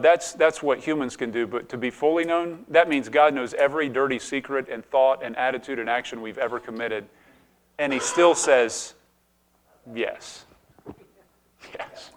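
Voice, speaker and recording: A middle-aged male pastor preaches in a conversational style, asking the congregation questions and frequently restarting his sentences. His pitch is fairly high.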